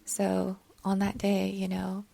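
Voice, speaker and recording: A woman hosts in an earnest, affirming way and often repeats her phrases. Her voice is mellow and gravelly. Her pitch stays flat and even. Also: takes it slowly. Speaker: podcast host. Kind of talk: encouraging interview talk.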